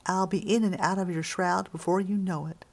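A woman's voice: on the low side, fairly even intonation, moderate pace, vocal fry. A woman voicing a tall, sardonic Southern academic woman with a dry way of talking, in an audiobook reading. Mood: wry.

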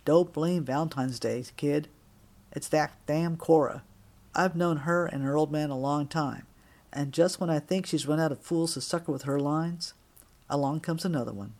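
A man voicing an older, world-weary bartender who speaks in slow, fatherly street talk. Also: on the high side, darkish tone, lightly acted. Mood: sympathetic.

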